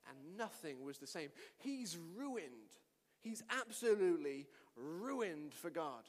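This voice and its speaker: A male pastor preaching a sermon and telling a story with lively delivery that rises to shouts. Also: on the high side, slow pace. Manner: animated storytelling, shouting at climaxes. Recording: long reverb of a hall.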